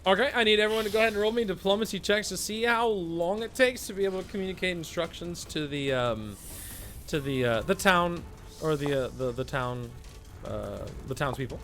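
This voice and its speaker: A man running a tabletop game, narrating haltingly with many fillers. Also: high-pitched, a bit bright, soft background music. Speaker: game master.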